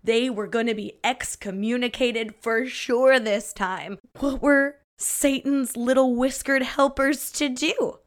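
A woman's voice: on the high side, slow pace. A woman hosting a podcast, telling a story in a playful, casual way, often laughing and dropping into dramatic whispers. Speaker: podcast host.

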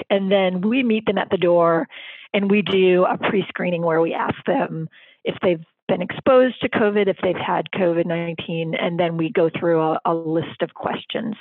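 A woman's voice: lowish voice, no room sound. Woman scientist over a tinny phone line. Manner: eager, animated, quick to laugh. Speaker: vaccine researcher. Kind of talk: interview answers.

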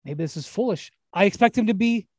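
A man's voice: sits high, animated, fairly quick, darkish tone, no room sound, clean studio sound. A man hosting a casual sports chat, telling stories in a rambling way with many restarts and laughs. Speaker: podcast host.

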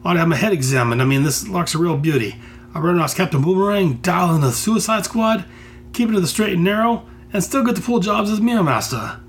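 A man's voice: high-pitched, expressive, brisk, a little hiss or hum. A man putting on a cocky Australian thief. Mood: boastful. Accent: put-on Australian.

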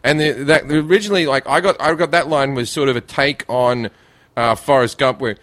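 A man's voice: medium pitch, a little fast, fairly bright tone, no room sound. A man telling rambling stories in a casual chat, laughing and restarting often. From Australia.

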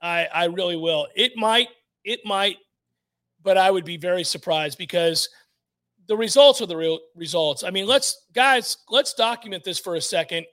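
A man's voice: high-pitched, animated, normal speed, sharp tone. A man hosting sports talk radio, blunt and emphatic, repeating points for effect.

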